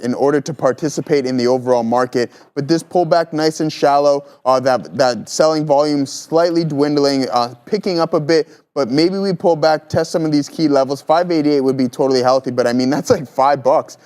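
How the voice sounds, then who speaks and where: A man co-hosts a live trading stream and comments on pullbacks and key price levels. He talks casually and haltingly, with a lot of hesitations and fillers. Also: fairly high pitch, darkish tone, clean tone. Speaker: trading show co-host.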